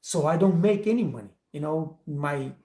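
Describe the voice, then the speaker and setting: A man's voice: a little high, animated, moderate pace, dark tone, echoey room. A man hosting a training channel, telling a motivational story and speaking straight to his viewers in emphatic, non-native English. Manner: emphatic, addresses listeners directly, non-native English phrasing. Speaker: host, restaurant trainer.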